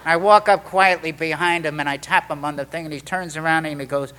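A man's voice: a little high, quick pace, hardly any pauses. A middle-aged man telling a story from his recovery to a meeting, acting out the voices of the people in it. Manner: animated storyteller, acts out quoted voices.

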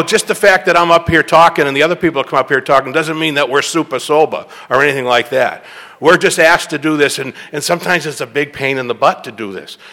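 Man, middle-aged, from the Boston area, recovery meeting speaker, rambling storyteller, bright tense tone. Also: mid-range voice, big-room sound. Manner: rambling, self-mocking storyteller with restarts. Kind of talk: personal testimony talk.

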